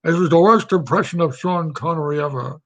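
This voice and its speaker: A man putting on a deliberately bad impression of an old Scottish film star, drawn out and self-mocking. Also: a little high, fairly bright tone. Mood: mock-grand.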